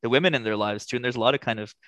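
A man's voice: mid-range voice, very fast, fairly bright tone, no room sound. A man co-hosting a podcast, chatting about a movie, laughing often and repeating himself. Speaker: podcast co-host. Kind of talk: casual movie discussion.

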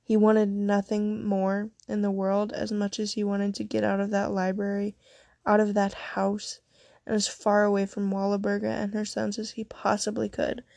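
A woman reads a fantasy story aloud at a steady, unhurried pace. Her voice is level in pitch with a gravelly edge. The recording is close and dry. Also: no echo. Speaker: narrator. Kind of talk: reading fan fiction aloud.

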